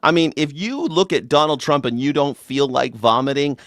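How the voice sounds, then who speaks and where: A man's voice: fairly high pitch, normal speed, fairly bright tone, no room sound. A man hosting a live political call-in show, ranting sarcastically with profanity and mocking voices while reacting to chat. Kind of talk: comedic political rant with chat callouts.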